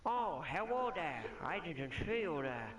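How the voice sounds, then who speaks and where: A man playing the owner of a takeaway restaurant in a homemade advert, drawing his sales pitch out slowly. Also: big pitch swings, fairly bright tone. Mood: salesy. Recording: echoey room with faint noise.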